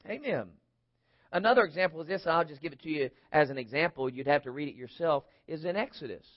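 A man preaching a sermon, acting out the voices of his story, swinging from shouts down to near whispers. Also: on the high side, fast talker. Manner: acts out crowd voices in his telling. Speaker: pastor. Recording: dull lo-fi recording.

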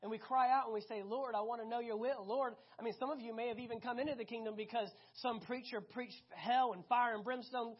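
A preacher delivering a sermon, emphatic and animated, repeating key phrases and swinging between loud and hushed. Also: medium pitch, a little fast, hardly any pauses, slightly rough. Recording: dull lo-fi recording.

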